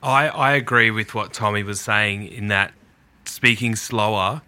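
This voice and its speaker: A man hosting a casual podcast, his voice fairly low yet bright and forward. He talks in an easy, relaxed way and picks up speed when keen. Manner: relaxed, slow when calm, speeds up when excited. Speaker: podcast host.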